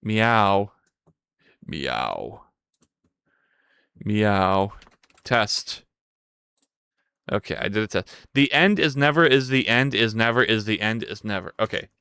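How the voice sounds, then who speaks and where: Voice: mid-range voice, moderate pace, bright, forceful tone, clear, resonant tone, no room sound, studio quality. A live streamer thinking aloud while coding, who is playful with viewers and yelps and swears when things break. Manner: playful, chats with viewers between tasks.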